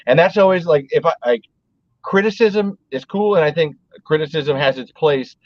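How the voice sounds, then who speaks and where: A man's voice: fairly high pitch, animated, moderate pace, no echo, muffled recording. A man hosting a casual podcast chat, rambling with lots of "like" and frequent swearing. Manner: rambling, swears a lot, heavy use of "like". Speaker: podcast host.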